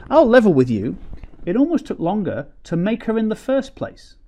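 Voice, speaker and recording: A man doing stand-up comedy, telling a story in an animated, sarcastic, ranting way. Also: sits high, moderate pace.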